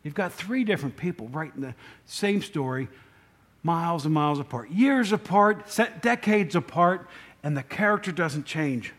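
A man's voice: fairly high pitch, animated, normal speed, fairly bright tone. A middle-aged male pastor giving a conversational sermon with rambling asides, often asking the congregation questions.

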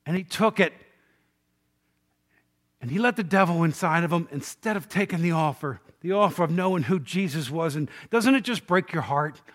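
Animated man preaching with storytelling flair. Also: a little high, normal speed. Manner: animated storytelling, acting out quoted lines; self-deprecating humor. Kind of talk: sermon.

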